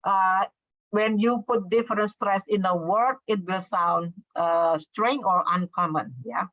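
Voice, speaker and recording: An Indonesian-accented woman lecturing in an online class, patient and explanatory, often tagging her points with a questioning "right?". Her voice sits at a mid pitch and sounds completely dry. It comes through a dull, lo-fi video call line. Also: unhurried, a bit bright, dry recording. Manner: explanatory, checks in with tag questions. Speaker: English instructor.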